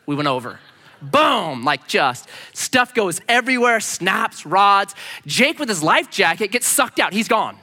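During his sermon, a pastor recounts something from his own life with animation, imitating the people involved. His voice is high, his pace unhurried, and the sound has a big-room quality.

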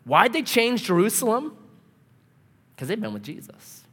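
A man's voice: sits high, wildly swooping pitch, unhurried, sharp tone, husky. A man preaching a sermon, telling a personal story and acting out the dialogue with laughs. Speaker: pastor. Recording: long hall reverb.

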